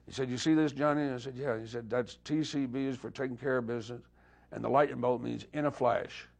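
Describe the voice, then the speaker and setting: An older man telling stories in a relaxed, anecdotal way during an interview, acting out the dialogue he quotes. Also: mid-range voice, quick pace, creaky. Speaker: guest musician. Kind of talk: storytelling interview.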